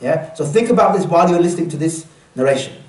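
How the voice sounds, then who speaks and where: A man's voice: a little high, expressive, fast. A man leading a religious workshop for a live audience, talking earnestly and often putting questions to the room. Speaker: workshop speaker. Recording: echoey room, mic at a distance.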